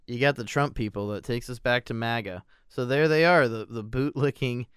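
A man's voice: medium pitch, normal speed, clear, resonant tone, dry recording, studio quality. A man co-hosting a casual film podcast, ranting and joking with plenty of profanity. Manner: animated, profane, joking rants. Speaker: podcast co-host.

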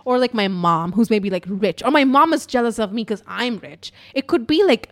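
A young woman telling a story in a casual, profane, animated way at home in her apartment. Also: a little high, normal speed.

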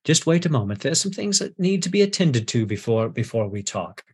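A man's voice: medium pitch, brisk, slightly rough. A man doing Zoyos, a silky torturer priest. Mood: silky menace. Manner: calm, coaxing menace. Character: smiling, soft-spoken male priest torturer.

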